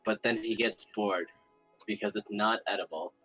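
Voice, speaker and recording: A man's voice: fairly low pitch, steady tone, normal speed, bright, forceful tone, slightly rough, faint music behind, low-quality recording. A man playing a tabletop game, playful and giggly as he describes his character. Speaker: player. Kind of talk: casual tabletop game chat.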